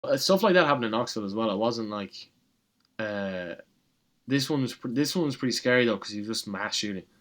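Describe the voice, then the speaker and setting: A young Irish man casually telling a story as an interview guest, animated and swearing freely, with lots of fillers. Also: lowish voice, brisk. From Ireland. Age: young adult. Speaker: college tennis player, guest.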